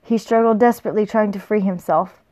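A woman's voice: mid-range voice, fairly even intonation, fast talker, warm tone. Woman casually reading a novel aloud. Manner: plain reading, with slips and self-corrections. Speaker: reader.

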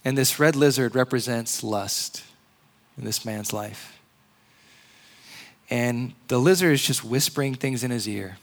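A man preaching a casual, conversational sermon in an animated way, full of "like" and "you know.". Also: mid-range voice, unhurried, long pauses. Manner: conversational, animated, uses "like" a lot.

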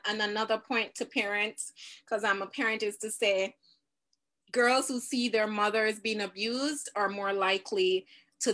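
A middle-aged woman hosting a live discussion, animated and laughing often as she talks to parents and viewers. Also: medium pitch. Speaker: host.

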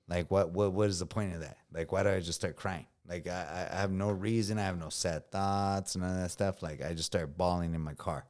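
A man's voice: low-pitched, normal speed, darkish tone. A man telling his story candidly in casual conversation, with a profane, slangy and emphatic way of talking. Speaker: combat veteran guest.

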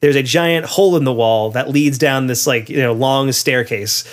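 A man's voice: medium pitch, normal speed. A man in casual conversation, retelling a film's plot in a rambling way with lots of fillers. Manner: rambling, filler-heavy, laughs often.

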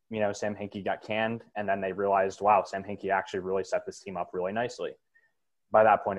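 A man with a lowish voice talks sports in a loose, rambling way. He is blunt and opinionated, and drifts between points with plenty of fillers. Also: rough recording. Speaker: sports podcast host. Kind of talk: casual sports talk.

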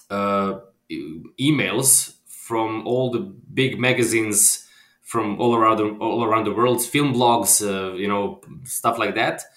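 Man from Croatia, filmmaker guest; hesitant casual chat, mid-pitch voice, reverberant room. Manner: hesitant, restarts often, trails off softly.

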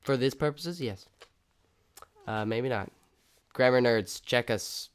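A man's voice: medium pitch, slow pace, clear, resonant tone. A young man co-hosting a casual podcast, joking around playfully and laughing often. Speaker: podcast co-host. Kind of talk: casual chat.

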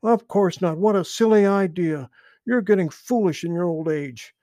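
A man voicing a hot-tempered, sulky young male otter who snaps and shouts in a storybook reading. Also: high voice, moderate pace, no room sound, voice pushed up, lightly acted. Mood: snappish. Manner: snappish, shouting.

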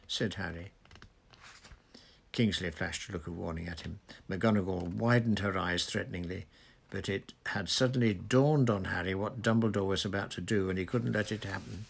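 A man reading a novel aloud in a measured, low-key narration. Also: steady tone, vocal fry, fairly bright tone, breathy edge. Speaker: audiobook reader.

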